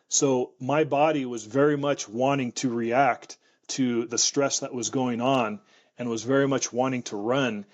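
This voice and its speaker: A man's voice: medium pitch, muffled recording. A man who is a wildfire expert, recounting his experiences in an interview with frequent restarts and repeated words. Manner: halting, repeats words while thinking. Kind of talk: reflective interview storytelling.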